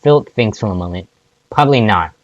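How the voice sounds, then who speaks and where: A man's voice: fairly low pitch, expressive, brisk, dry recording, dull audio. A man reading fan fiction aloud, often stumbling and restarting words. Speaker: fanfic reader.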